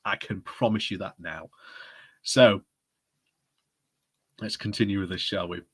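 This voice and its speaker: A man's voice: deep voice, fairly even intonation, unhurried, a bit bright, breathy edge. A man hosting a casual live stream, chatty and often breaking into laughter as he talks. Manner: giggly, chatty, often laughing mid-sentence.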